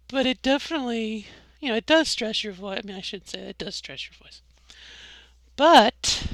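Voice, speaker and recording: A middle-aged woman vlogs about her voice training in a casual video diary, rambling, correcting herself and demonstrating her own voice. She speaks at normal speed in a somewhat high, expressive, slightly bright voice, with no echo.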